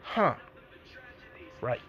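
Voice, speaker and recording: A man voicing a coy young woman ninja who speaks softly and hesitantly. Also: extremely slow, dull audio, slight background noise.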